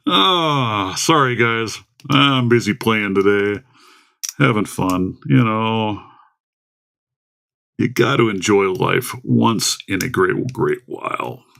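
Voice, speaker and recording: A chatty livestream host, a man talking at home into a desktop mic. His voice is gravelly and rough at the bottom, and it swings up and down a lot as he rambles and greets viewers. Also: on the low side, lively intonation, drawn-out words, pauses often, bright, forceful tone. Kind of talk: casual livestream chat. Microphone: desktop USB microphone.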